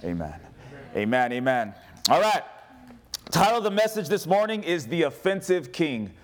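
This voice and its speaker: A man preaching a sermon as pastor, animated and humorous, calling on the congregation to respond. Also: fairly high pitch, normal speed.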